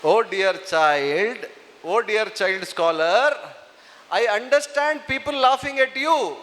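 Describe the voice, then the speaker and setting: A man voicing an old, kindly king in a retold story, speaking slowly and tenderly. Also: extremely high pitch, sharp tone. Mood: gentle. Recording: echoey hall.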